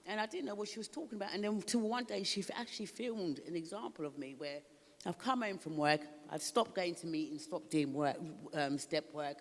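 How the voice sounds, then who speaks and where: Middle-aged woman from Africa, raw emotional testimony, in a reverberant hall. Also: deep voice. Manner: candid, emotional, laughs often. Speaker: recovery ministry speaker. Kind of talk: personal testimony.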